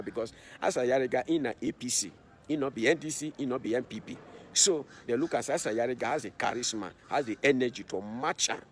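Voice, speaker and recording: Guy chatting quick, bit of street noise. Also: mid-range voice. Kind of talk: casual storytelling.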